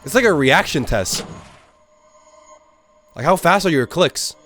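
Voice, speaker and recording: A man streaming a game playthrough, talking in an excitable, loose way and swearing freely as he plays. His voice sits a little high for a man and swings widely in pitch. Faint game music plays under him. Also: unhurried. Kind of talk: let's-play commentary.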